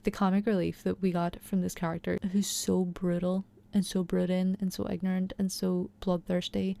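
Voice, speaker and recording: A young woman with a mid-range, gravelly, warm voice gives a chatty, enthusiastic recap and analysis of a TV episode. It's casual recap and commentary, heavy on fillers like "you know" and "like."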